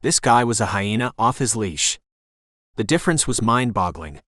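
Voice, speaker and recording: Dude narrating a romance audiobook, first person, intense, lowish voice, dry studio mic. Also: male voice, expressive, normal speed, a bit bright, no room sound. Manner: intense, dramatic storytelling.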